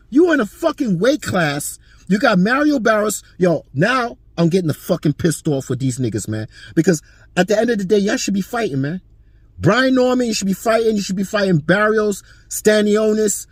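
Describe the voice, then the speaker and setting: A man with an extremely high, husky voice hosts his own boxing commentary channel, delivering a heated boxing opinion rant and swearing constantly. The recording has no room sound.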